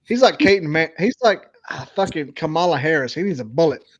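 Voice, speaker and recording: A man from Alabama with a Southern accent, drunk and ranting loudly on a podcast, full of swearing. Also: fairly high pitch, expressive, brisk, dull audio. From Alabama, USA. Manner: profane, boisterous ranting. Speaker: guest. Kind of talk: rowdy casual podcast chat.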